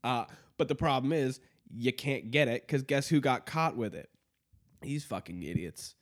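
A man's voice: mid-range voice, expressive, normal speed. A man hosting a podcast in casual chat, rambling, swearing freely and often laughing at his own stories. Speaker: podcast host. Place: studio.

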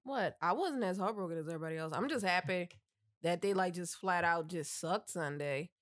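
Chatty New woman, low dry voice. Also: dry recording. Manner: candid, chatty, quick bursts. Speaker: podcast co-host. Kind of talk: casual podcast chat.

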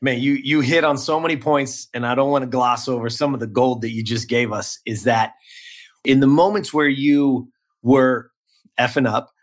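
A man's voice: mid-range voice, fairly even intonation, moderate pace. A man hosting a podcast interview, enthusiastic and hype-building, often repeating words as he talks. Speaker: podcast host.

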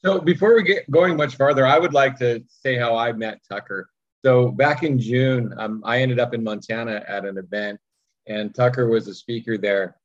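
A man hosting a podcast in a mid-pitched, ordinary voice. He speaks earnestly and thinks aloud with frequent ums. The audio is slightly dull and muffled. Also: moderate pace. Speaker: podcast host. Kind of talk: podcast introduction.

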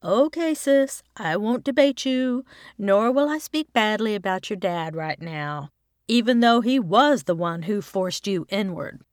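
A woman voicing a playful, knowing older sister who teases in a drawn-out, mischievous way. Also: mid-range voice, lively intonation, no room sound, studio quality, close to an everyday voice. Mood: teasing.

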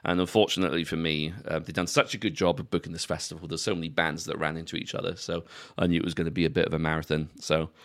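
A young man from the UK with a very low, deep voice talks casually on a podcast. He rambles through asides, swears freely and laughs often. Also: flat delivery, very fast, hardly any pauses. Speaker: podcast co-host.

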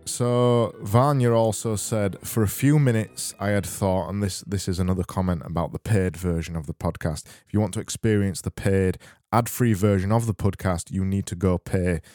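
A man hosting a casual solo podcast, reading out listener messages with deadpan, rambling sarcasm. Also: sits low, normal speed, hardly any pauses, faint music behind. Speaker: podcast host.

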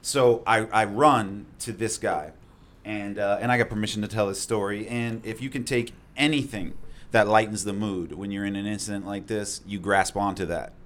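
A man with a low voice tells a story from a call he worked, in plain conversational speech. He slips into the voices of the people he met, loud and sharp. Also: steady tone, normal speed. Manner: vivid retelling, acts out quotes loudly. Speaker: first responder telling his story.

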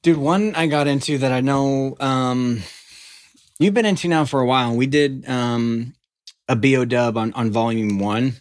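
A man's voice: mid-range voice, moderate pace, no room sound, studio quality. A man in his thirties co-hosting a podcast, chatting casually with lots of ums and likes. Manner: rambling, lots of fillers. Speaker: podcast co-host. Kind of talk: casual chat.

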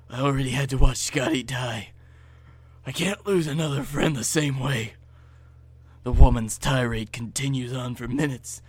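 A man's voice: medium pitch, slightly rough, no echo. A man co-hosting a comedy podcast, dramatically narrating a story he wrote, close to the mic. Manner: dramatic narration, breaks into laughter. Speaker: co-host and story reader.

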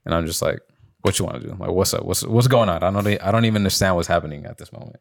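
With a low voice, vocal fry and a racing delivery, this young podcast co-host spins a casual story for his friends. He swears a lot and raises his voice to act out quotes.

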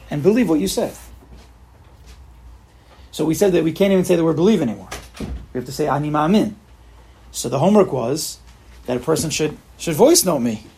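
A man leading an informal religious study group, animated and repetitive, acting out examples for his listeners. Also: fairly high pitch, vocal fry, slight background noise. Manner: animated, repeats himself, acts out examples. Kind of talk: informal religious class talk.

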